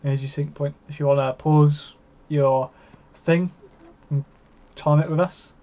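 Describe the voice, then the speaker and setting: A man co-hosting a live watch-along, relaxed and full of fillers, calling the play as it happens. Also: on the high side, measured pace. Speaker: co-host. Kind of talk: casual chat with live darts commentary. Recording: muffled lo-fi audio.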